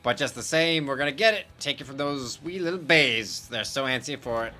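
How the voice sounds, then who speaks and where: A man voicing a brash, rowdy masked male beast-rogue who taunts with rough slang and a vague, put-on accent. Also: high voice, very animated, drawn-out words, sharp tone, soft background music, pitched above the performer's own voice, full character voice. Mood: taunting.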